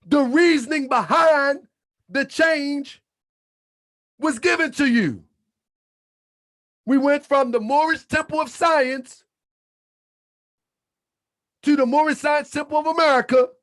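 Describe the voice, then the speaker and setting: A man hosting his channel, preaching in a fiery monologue with shouted, repeated lines and colloquial talk, a little under the weather. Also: very high-pitched, takes it slowly, pauses often. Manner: colloquial, drops into muttered asides. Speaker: channel host.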